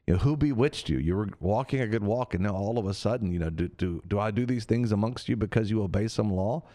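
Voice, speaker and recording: A man preaches on a radio show in a relaxed, conversational manner, his voice a little low and his pace quick. He's earnest, circling back over his points and occasionally slipping into the voices of people he quotes.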